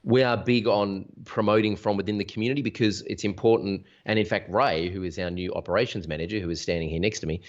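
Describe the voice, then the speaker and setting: A man with a very low voice explains his business to an interviewer, energetic and full of examples, often restarting a thought. The sound is dull and lo-fi. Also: quick pace, hardly any pauses. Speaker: interview guest, business founder. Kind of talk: casual conversational interview. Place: Sydney.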